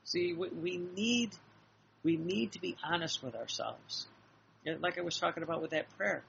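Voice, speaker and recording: A man's voice: on the high side, moderate pace, creaky, fairly bright tone, slight background noise. A man preaching a sermon in an earnest, repetitive, exhorting way, acting out dialogue as he goes. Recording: dull lo-fi recording with faint ambience.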